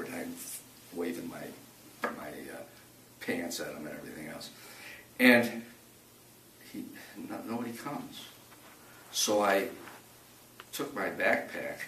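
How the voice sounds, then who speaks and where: An older man telling a personal survival story in a rambling, halting way, often repeating words and restarting. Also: sits low, fairly bright tone. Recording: echoey room, distant mic, faint noise.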